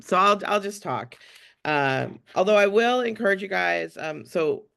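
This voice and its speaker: A woman with a hoarse voice from a cold, chatting on a webinar panel over a video call, self-deprecating and full of ums. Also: deep voice, fairly bright tone. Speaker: museum fundraiser on a panel.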